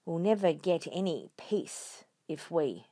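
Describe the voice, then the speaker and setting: A woman voicing a brave, quick-thinking male fox father in a read-aloud storybook, urgent and commanding. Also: lowish voice, animated, warm tone, dry recording, clean studio sound. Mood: glum.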